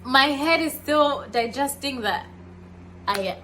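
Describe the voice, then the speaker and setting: A young woman from Kenya telling a casual story while cooking at home, animated and acting out the people she quotes. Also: high voice, takes it slowly, a little hiss or hum, poor audio. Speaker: vlogger. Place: home kitchen.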